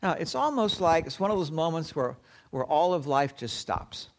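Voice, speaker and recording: Animated, high-voiced male preacher. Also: moderate pace, a little hiss or hum. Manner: dramatic storytelling, dropping to hushed low tones. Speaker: pastor. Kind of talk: sermon.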